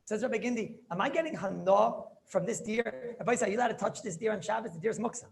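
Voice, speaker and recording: Gravelly rabbi teaching with Yeshivish lilt. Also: male voice, high voice, animated, fast talker, a little hiss or hum. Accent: Yeshivish English. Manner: storytelling, repeats phrases, asks students questions. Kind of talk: animated Torah class with Yiddish and Hebrew terms.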